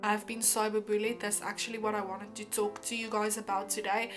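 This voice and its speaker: A woman's voice: mid-range voice, flat delivery, brisk, music in the background. A woman vlogger talking casually and emphatically, reacting to comments with exasperation.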